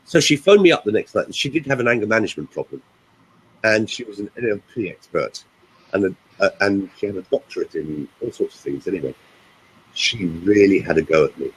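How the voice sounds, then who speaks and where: A voice coach with a fairly low, slightly husky male voice. He talks in a lively, storytelling way, and his pitch rises and falls a great deal as he explains his points. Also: a little fast, poor audio. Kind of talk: animated storytelling and coaching talk.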